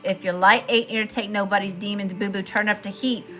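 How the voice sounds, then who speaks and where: A woman from Mississippi hosting a spiritual livestream, giving effusive shout-outs to viewers in casual chat. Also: medium pitch, steady tone, a little fast, soft background music. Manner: effusive, warm shout-outs with lots of "y'all".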